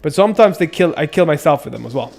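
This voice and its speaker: Excitable swearing male game streamer. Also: fairly high pitch, fast talker, vocal fry. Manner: excitable, swears often, talks to chat. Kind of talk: casual live-stream gameplay commentary.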